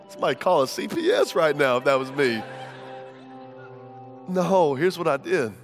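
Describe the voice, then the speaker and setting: Male pastor, 30s, high voice, passionate sermon delivery with big swings between shouting and near-whispers; soft music under. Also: expressive, normal speed, long pauses. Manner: passionate preaching, swinging from shouts to hushed tones.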